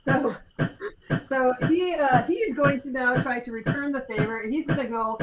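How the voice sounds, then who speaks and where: A woman's voice: high-pitched, normal speed. A woman running a live tabletop game as game master, explaining rules with ums and acting out the fight. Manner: lively, explains rules with ums, acts out moves. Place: convention stage. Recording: live convention hall with loud crowd.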